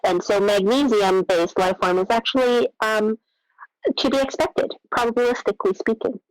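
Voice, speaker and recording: A woman as an earnest scientist caller, lecturing in halting academic phrases padded with ums. The recording is dry and close, the voice at an ordinary pitch. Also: steady tone, no room sound, close to an everyday voice, low-quality recording. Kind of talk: improvised radio call-in comedy.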